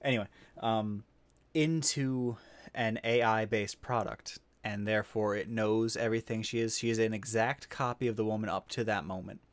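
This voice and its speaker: A man's voice: lowish voice, fairly even intonation, moderate pace, no room sound. A man hosting a casual podcast, rambling and swearing freely with frequent restarts. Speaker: podcast host. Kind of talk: casual chat.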